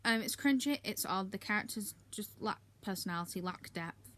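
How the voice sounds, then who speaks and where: A woman's voice: medium pitch, animated, normal speed, fairly bright tone. Chatty woman reviewing her books. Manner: chatty and candid, with filler ums and asides. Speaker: book reviewer. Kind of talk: casual monthly reading wrap-up.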